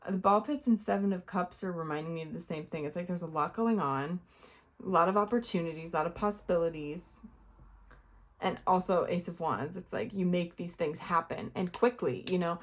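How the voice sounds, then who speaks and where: A young woman talks through a tarot reading in a relaxed, chatty way. Her voice sits a little low for a woman. She rambles, piles up fillers and laughs lightly as she goes. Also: brisk. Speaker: tarot reader. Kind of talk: casual pick-a-card tarot reading.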